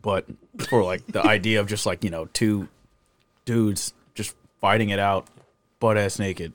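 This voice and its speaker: A man who is a regular on a podcast, telling jokes and opinions in a casual, animated way. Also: on the low side, unhurried, no echo. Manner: animated, jokey storyteller. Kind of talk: casual chat.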